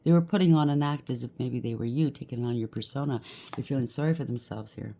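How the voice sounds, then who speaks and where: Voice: medium pitch, fast, vocal fry, dark tone, slight background noise. A tarot reader giving a collective reading, blunt and emphatic, rattling off lists of traits and often checking in with "okay?".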